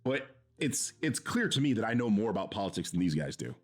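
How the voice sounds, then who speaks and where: A man's voice: on the low side, big pitch swings, fairly quick, a little hiss or hum. A man streaming, reacting to a video in heated casual commentary, swearing and mocking with an exasperated tone. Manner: profane, exasperated, mocking laughs.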